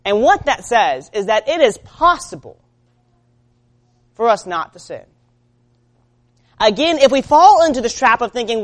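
A woman preaching a sermon in an earnest way. She moves between loud urging and quiet, low-spoken lines. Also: big pitch swings, a little slow, pauses often.

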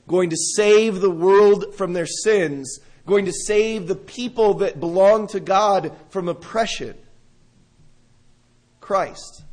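A man with a high voice preaches a sermon. He moves between reading scripture and explaining it in an easy, conversational way. He asks the listeners questions and punches the important words. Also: a little mellow. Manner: reads scripture then explains it, rising to emphatic stresses; conversational, with restarts and rhetorical questions.

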